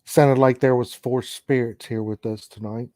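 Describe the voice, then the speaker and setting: A man's voice: medium pitch, steady tone, normal speed, warm tone, dry recording. A man from Chicago hosting a paranormal livestream, chatting casually and laid-back with viewers and calling on spirits. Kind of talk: casual live chat.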